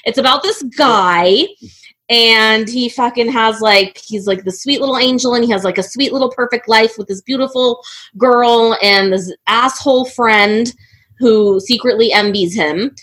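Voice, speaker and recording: Excitable laughing woman chatting. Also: fairly high pitch, unhurried, slightly rough. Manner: excitable, swearing, laughs a lot. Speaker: podcast panelist. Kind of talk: casual group chat.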